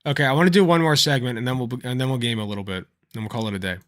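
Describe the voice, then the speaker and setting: Bright-voiced man streaming casual commentary. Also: medium pitch, rapid-fire. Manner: swears casually, tells anecdotes with laughing asides. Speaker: livestream host.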